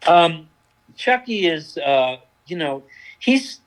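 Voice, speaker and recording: A man's voice: fairly high pitch, big pitch swings, a bit bright, rough recording. Older man, thoughtful, wry interview guest. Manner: thoughtful, pauses and restarts, wry understatement. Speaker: actor guest. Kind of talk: relaxed interview answers.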